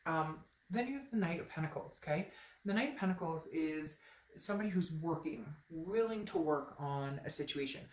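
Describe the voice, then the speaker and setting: A woman's voice: low voice, expressive, moderate pace. A woman giving a casual, chatty tarot reading to camera, talking emphatically and straight to her viewers. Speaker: tarot reader. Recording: roomy echo, faint background noise.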